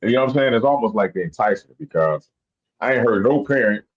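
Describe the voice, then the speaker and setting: A man co-hosting a live stream, chiming in with profane, animated remarks in casual chat. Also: fairly low pitch. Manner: animated, profane, quick asides. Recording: dull lo-fi stream audio.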